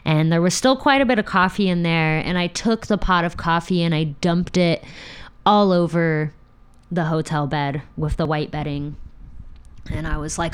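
A young woman with a smooth, lowish voice hosts a podcast, frankly recounting something from her own life at a moderate pace. She swears and laughs as she tells it.

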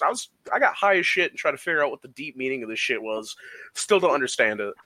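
A man's voice: mid-range voice, racing, no room sound, low-quality recording. A young man co-hosting a casual podcast, telling a rowdy story full of swearing and acted-out quotes. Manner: animated, profane storyteller acting out quotes. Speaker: podcast co-host.

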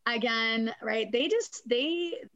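Lively woman with a dry close sound. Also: fairly high pitch, slow, no echo, lo-fi sound. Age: adult parent. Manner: animated storyteller, acts out quoted voices. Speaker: corrections officer. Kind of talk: casual conversation.

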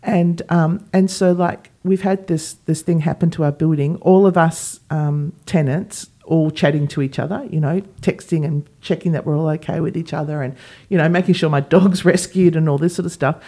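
A woman's voice: low-pitched, moderate pace. A woman, a podcast co-host telling a personal story in casual chat and acting out what others said. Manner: animated, acts out quoted dialogue.

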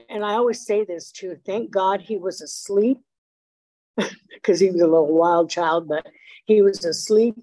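A woman's voice: lowish voice, darkish tone, poor audio. A middle-aged woman from Los Angeles sharing her recovery story at a meeting, blunt and streetwise, with lots of fillers. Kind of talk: personal recovery share.

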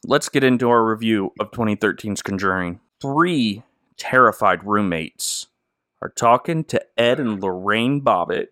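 Bright-voiced joking podcast host man. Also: fairly low pitch, expressive, a little slow, dry recording, studio quality. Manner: jokey and playful. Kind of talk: casual comedic chat.

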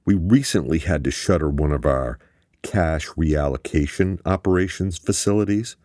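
A ruthless corporate boss, played by a man, cold and cutting with a sarcastic edge. The deep voice lifts higher and louder than the narration, pushing hard on key words, recorded dry and close. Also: normal speed, no echo. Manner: cutting and sarcastic, flaring into shouts.

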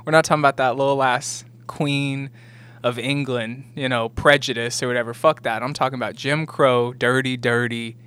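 Young man, podcast co-host, animated and profane, slips into silly voices for quotes. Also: medium pitch, moderate pace, smooth. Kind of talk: casual chat.

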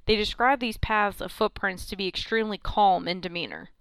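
A woman's voice: medium pitch, fairly quick, smooth, dry recording. A woman co-hosting a podcast, telling a story in casual chat, rambling with many "um" and "like". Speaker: podcast co-host.

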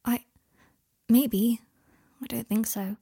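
A woman's voice: fairly high pitch, a little fast, darkish tone, slightly rough, dry recording, studio quality. Woman reading as a miserable, hesitant young man. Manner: hesitant, often whispered.

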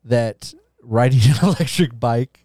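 A man at a middle pitch spins a rowdy story for his podcast, swearing freely and laughing through it. When he quotes himself or others, his voice leaps higher. The sound is close and dry, with no room around it. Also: measured pace, warm tone, dry recording. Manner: profane, laughing, acts out his own lines in a higher voice. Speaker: podcast co-host. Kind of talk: casual storytelling chat.

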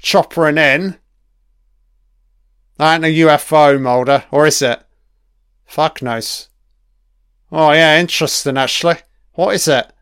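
A man's voice: on the high side, a little slow, long pauses, a bit bright, smooth, dry recording, clean studio sound. A man giving a casual commentary on a TV episode, chatty and swearing freely, laughing along as he watches.

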